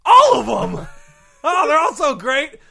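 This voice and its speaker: A man puts on an endlessly sunny young ballplayer in a podcast comedy sketch, yelling out every thought with glee. The voice sits very high, swooping wildly up and down, and sounds piercingly bright. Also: wildly swooping pitch, slow, gravelly, exaggerated voice. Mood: upbeat. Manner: shouty, over-enthusiastic, always upbeat. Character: relentlessly cheerful young male baseball star.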